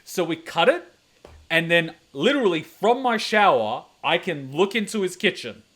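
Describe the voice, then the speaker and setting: A man's voice: sits high, expressive, normal speed, a bit bright. A young man, a reaction channel host, telling a long, rambling, profane story in casual chat and laughing often. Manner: rambling, profane, laughs a lot, acts out voices.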